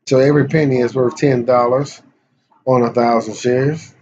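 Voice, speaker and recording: A man's voice: medium pitch, steady tone, normal speed, darkish tone. A man casually talking through his day trades on a vlog. He uses slang, repeats and restarts words, and says he is losing his voice. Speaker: day trader and channel host. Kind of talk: casual trading commentary. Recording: dull lo-fi recording.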